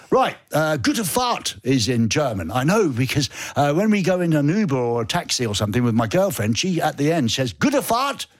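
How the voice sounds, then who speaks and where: A man's voice: medium pitch, lively intonation, fairly quick, dry recording, studio quality. A man hosting a radio show, chatty and jokey, often poking fun at himself. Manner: chatty, jokey, self-mocking. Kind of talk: casual radio banter and DJ links.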